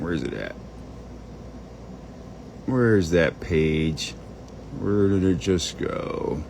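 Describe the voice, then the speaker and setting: Distracted male host muttering and cursing while he hunts for files, with an animated pitch and faint background noise. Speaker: channel host. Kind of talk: rambling screen-share monologue.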